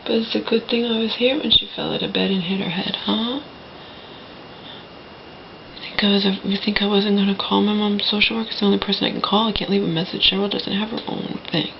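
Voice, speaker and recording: A woman's voice: medium pitch, level tone, a little fast, creaky, dull audio, slight background noise. A woman talking straight to her viewers from a home, rambling with many restarts and dropping into a whisper at times. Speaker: vlogger. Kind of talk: personal vlog monologue. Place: indoors at a home.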